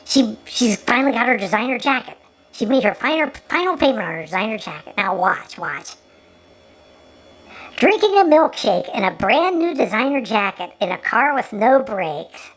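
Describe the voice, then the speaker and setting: A woman's voice: fairly high pitch, sing-song, normal speed, fairly bright tone, rough recording. A woman giving sarcastic running commentary over an old film, often stumbling and repeating her words.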